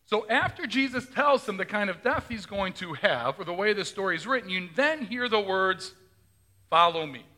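A man's voice: sits high, expressive, normal speed, few pauses, sharp tone. A male pastor giving a conversational sermon, often asking his congregation questions and retelling scripture in his own words.

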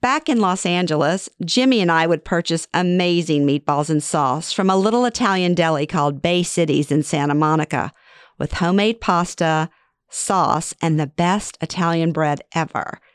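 A woman's voice: sits low, moderate pace, clean tone, dry recording, studio quality. A middle-aged woman reading her own memoir aloud in a wry, conversational way. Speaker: memoir narrator. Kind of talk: first-person storytelling reading.

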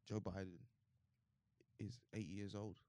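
A young man, chatting casually on a podcast, animated and quick to argue. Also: lowish voice, no room sound. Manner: animated, argumentative, laughs easily. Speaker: podcast co-host. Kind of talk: casual chat.

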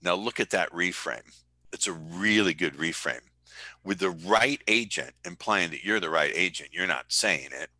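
A man with a very low, deep voice and a strikingly bright, forceful edge speaks in a dry, close sound. He tells stories emphatically and boastfully, slowing down with dramatic pauses. It is a podcast interview. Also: no echo, poor audio. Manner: boastful, energetic. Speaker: guest, persuasion coach.

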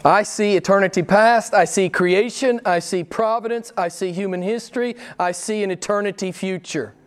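A middle-aged male pastor delivering a sermon with a fairly high voice. He swings from loud, emphatic declarations down to hushed, near-whispered asides, keeping the congregation leaning in. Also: normal speed.

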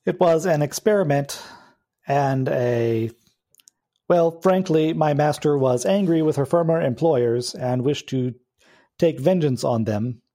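A man voicing a stiff humanoid robot guardian in a coat and hat, speaking slowly and flatly like a machine. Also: a little high. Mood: explaining. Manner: slow, flat mechanical speech.

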